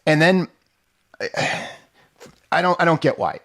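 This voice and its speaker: A man co-hosting a comedy podcast, mocking a TV show in a sardonic, mock-solemn deadpan. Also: a little high, measured pace, vocal fry, pauses often. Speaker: podcast co-host. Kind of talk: comedic episode recap.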